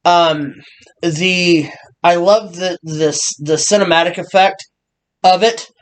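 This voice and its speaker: A man co-hosting a casual wrestling review, excitable and full of halting restarts. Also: high voice. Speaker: podcast co-host.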